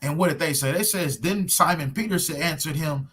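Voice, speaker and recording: A man's voice: on the high side, a little fast, fairly bright tone, husky. A man preaching a sermon to camera in casual slang, pressing his points with rhetorical questions. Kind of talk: street preaching sermon video. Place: at home recording himself with screen share.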